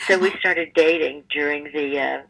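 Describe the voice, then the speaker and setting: A woman in her seventies, a stage performer interviewed as a guest, telling stories in a lively conversational way and acting out the people in them. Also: low voice, normal speed, vocal fry, low-quality recording. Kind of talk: conversational storytelling.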